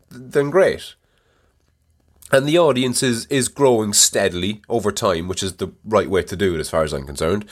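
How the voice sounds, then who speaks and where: A middle-aged man hosting a podcast, telling a story in a casual, profane and animated way. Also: fairly low pitch. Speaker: podcast host. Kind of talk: casual monologue.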